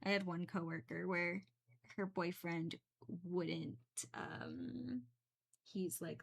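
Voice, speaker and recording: A woman's voice: lowish voice, takes it slowly, vocal fry. A young woman chatting casually while she paints, rambling with many fillers and small giggles. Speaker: painting streamer.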